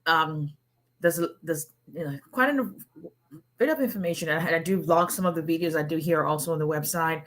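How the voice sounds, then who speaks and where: A middle-aged woman from Africa, an immigration lawyer hosting a casual livestream, chatty and quick to laugh as she digresses. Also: low voice.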